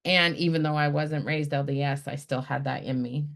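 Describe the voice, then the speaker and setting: With a low, creaky voice at normal speed, this middle-aged Utah woman shares a personal story as a conversation guest. She's a spiritual director and activist, and she tells it vividly, performing the voices of the friends she quotes.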